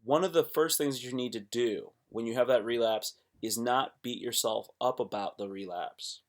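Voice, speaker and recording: Young man, live streamer, casual motivational talk, swings from quiet murmurs to loud bursts. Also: normal speed. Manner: animated, swings between low murmurs and loud exclamations; acts out quoted voices.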